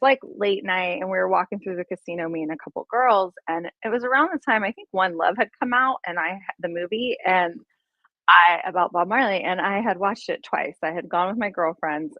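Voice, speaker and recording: A woman's voice: lowish voice, dry recording. A woman guest recounts her anecdotes with animation, laughing often as she talks. The sound is dry and a little muffled, with no room around it. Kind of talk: casual storytelling in an interview.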